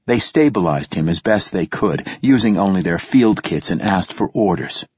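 A man narrating a story in the first person, in a steady, measured way. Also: low-pitched, slightly rough, no echo. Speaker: audiobook narrator. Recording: dull lo-fi dry recording.

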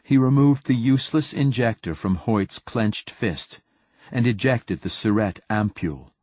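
Man narrating a novel, very slow, husky, low voice, dry close recording. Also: dry recording. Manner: steady, unhurried storytelling. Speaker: audiobook narrator. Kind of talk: scripted narration.

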